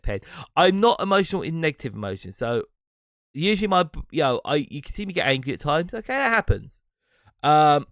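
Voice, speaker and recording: A podcast host and streamer delivers a casual solo monologue on his own podcast, rambling and reflective, breaking into laughs now and then. His voice is on the high side with a fairly bright tone, recorded at studio quality with no echo.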